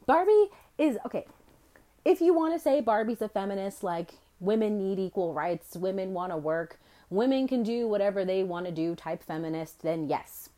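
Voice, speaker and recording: A woman's voice: mid-range voice, normal speed. A young woman hosting her own podcast, ranting brashly and swearing freely as she tells stories. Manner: brash, profane, animated storytelling. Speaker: podcast host. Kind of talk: solo podcast rant.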